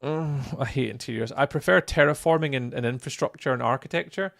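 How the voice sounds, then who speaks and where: A tired man chatting on a casual live stream, rambling along and greeting viewers by name. His voice is heavily gravelly with lots of vocal fry, and the sound is close and completely dry. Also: mid-range voice, brisk, fairly bright tone, no echo. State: tired, yawning. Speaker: livestreamer and server host. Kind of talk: casual live-stream chat while building in a game.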